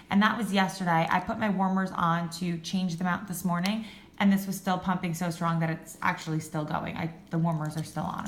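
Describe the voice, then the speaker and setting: A woman's voice: fairly low pitch, roomy sound. A woman vlogger chatting casually about home fragrance, swearing now and then and laughing at herself. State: voice cracking. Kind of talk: casual chat.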